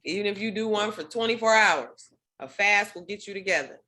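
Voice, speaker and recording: Bright-voiced woman hosting a call, affirming everyone, kinda preachy and repeats herself. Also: medium pitch, brisk. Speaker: host. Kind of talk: encouraging group call hosting.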